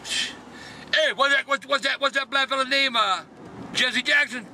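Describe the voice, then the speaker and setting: A cranky older man with a drawl, his voice pitched unusually high for a man. He curses in nearly every sentence while he rants from inside a car. Steady road noise runs clearly under him. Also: unhurried. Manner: profane, cursing, ranting angrily. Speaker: vlog regular. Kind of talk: casual chat.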